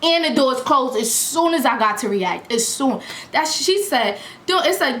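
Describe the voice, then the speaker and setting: A young woman vlogger telling a storytime in a casual, slangy, animated way, acting out what people said. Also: high voice, moderate pace. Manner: animated, slangy, acts out quotes loudly. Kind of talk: storytime vlog. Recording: echoey room with faint background hum.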